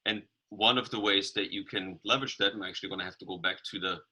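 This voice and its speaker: Bright-voiced man sharing a story. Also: deep voice, fairly even intonation, fast, husky, poor audio. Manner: reflective, storytelling, frequent restarts. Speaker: meeting participant. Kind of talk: casual sharing in an online meeting.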